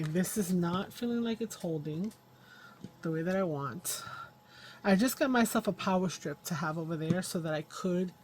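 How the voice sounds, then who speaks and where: A woman with a lowish voice talks through her craft project in a loose, rambling way, thinking out loud as she works with her hands. It's casual vlog chatter from a home craft table, with a faint hum of room noise behind her. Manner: rambling self-talk while working with her hands. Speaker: crafting channel host.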